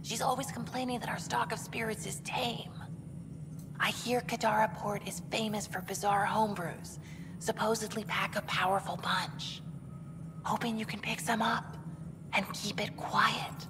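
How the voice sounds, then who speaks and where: An actress voicing a playful woman station worker in a whispered role-play, speaking in a secretive hush. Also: mid-range voice, steady tone, moderate pace, natural voice. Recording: game audio with reverb and clear hum.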